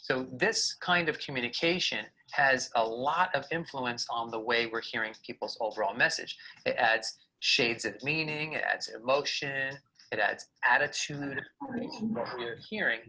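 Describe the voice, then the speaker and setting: A man delivers a prepared video lesson on communication with a crisp, bright, forward voice. He explains carefully and now and then acts out what he is describing. It sounds like a video being played in a room. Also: mid-range voice, lively intonation, a little slow, low-quality recording. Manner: clear explanatory delivery with vocal demonstrations. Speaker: communication coach.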